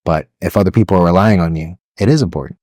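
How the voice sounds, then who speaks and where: A young man with a deep voice talks fast as a podcast co-host, meandering through stories with plenty of laughter, swearing, and imitations of drill instructors yelling. It's casual chat, recorded at studio quality with no echo.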